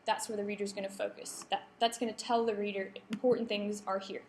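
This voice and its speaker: A woman presents a workshop lecture to students, frequently checking in with the room and polling the audience. Her mid-range voice is level, fairly quick and darkish, recorded in an echoey room with a faint background hum.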